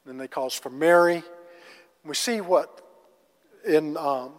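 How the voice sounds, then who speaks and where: Guy teaching a bible class, kinda high voice, laid back, echoing around a big hall. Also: takes it slowly, soft background music. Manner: casual, asks the class rhetorical questions. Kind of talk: conversational Bible lesson. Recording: long reverb of a large hall.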